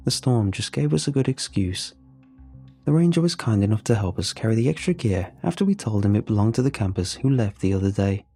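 A man narrating a first-person horror story, with steady, measured storytelling. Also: on the low side, breathy edge. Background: faint music.

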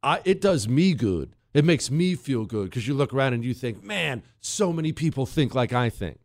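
A man's voice: mid-range voice, very animated, moderate pace, no echo, studio quality. A man hosting a talk radio show, joking and teasing while he reads listener emails aloud.

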